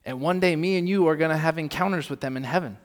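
A male pastor delivering a sermon, posing rhetorical questions and swinging from loud emphasis to soft asides, in a long hall reverb. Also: a little high, quick pace.

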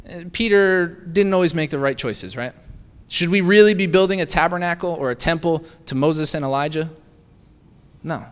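A man's voice: a little high, moderate pace, smooth. Preaching man in an echoing hall. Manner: conversational, asks the congregation rhetorical questions with frequent "right?". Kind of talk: sermon.

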